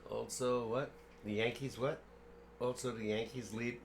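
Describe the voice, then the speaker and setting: A man's voice: mid-range voice, fairly even intonation, unhurried, gravelly. An older man co-hosting a live sports stream, talking baseball in an easygoing, reminiscing way. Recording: roomy echo with faint background noise.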